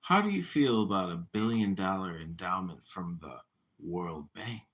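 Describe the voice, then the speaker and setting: A man trading mocking jabs in casual live stream banter, needling and teasing, swinging between loud jabs and quick muttered asides. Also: deep voice, lively intonation. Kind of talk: casual trash-talk banter.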